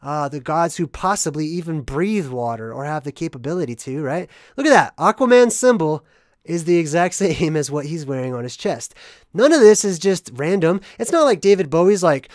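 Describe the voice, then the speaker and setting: A chatty video host talks at a medium pitch in a loose, rambling monologue, sprinkling "right?" after every point. The voice swings between loud, excited bursts and mumbled asides. The recording is dry and close, with no room echo. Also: brisk. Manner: rambling, constant "right?" tag questions. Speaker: movie analysis vlogger. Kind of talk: casual monologue explaining hidden meanings.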